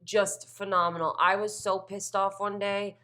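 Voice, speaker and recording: A woman's voice: medium pitch, flat delivery, moderate pace, sharp tone. A young woman co-hosting a casual podcast chat, blunt and gushing, with casual swearing. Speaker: podcast co-host, bartender.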